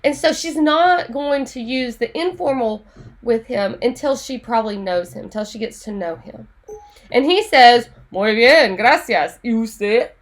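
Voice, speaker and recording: A woman teaching an online Spanish class in a chatty, animated way, laughing often. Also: fairly high pitch, moderate pace.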